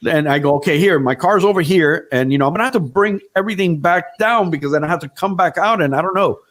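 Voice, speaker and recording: A man with a somewhat high voice tells a long story in a casual podcast chat. He is animated and profane, slipping into the voices of the people in the story. His delivery is loose and conversational. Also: quick pace. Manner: animated storyteller who swears freely and acts out other people's lines. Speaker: event DJ telling a story.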